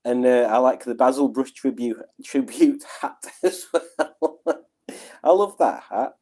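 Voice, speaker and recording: A middle-aged man, hosting a livestream at home in a relaxed, rambling, self-deprecating way while reading out viewer comments. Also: medium pitch, measured pace. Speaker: livestream host.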